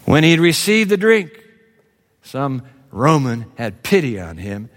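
A man preaching a sermon with dramatic swings from low murmurs to high exclamations. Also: very animated, a little slow, in a large hall.

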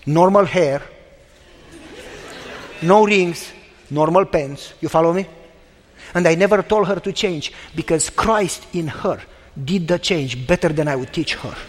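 A man preaching a sermon, telling a story with animated, emphatic delivery. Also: fairly high pitch, a little slow, long pauses, slight background noise. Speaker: pastor. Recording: long hall reverb.

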